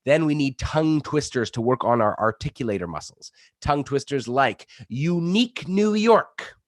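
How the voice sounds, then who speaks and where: A man coaching public speaking in an online workshop, energetic and demonstrative, a bit sick, on a good studio microphone. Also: medium pitch, brisk, no room sound.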